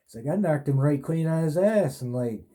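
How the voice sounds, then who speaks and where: An aggrieved, hulking male inmate, as a storyteller puts him on, hot with indignation. His voice sits higher than the teller's own and stays dark. The words come out heated and full of swearing. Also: lively intonation, moderate pace, close to an everyday voice. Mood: indignant.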